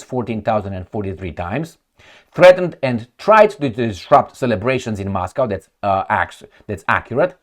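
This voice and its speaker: A man commenting on news headlines with heated sarcasm, rhetorical questions and frequent profanity. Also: mid-range voice. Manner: mocking retorts and rhetorical questions. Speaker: political commentator.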